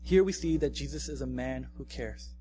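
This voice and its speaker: A man's voice: mid-range voice, normal speed, dark tone, soft background music. A young adult man, a pastor, preaching a casual, conversational sermon, often checking in with his listeners. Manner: casual, conversational, frequent "right?" tags.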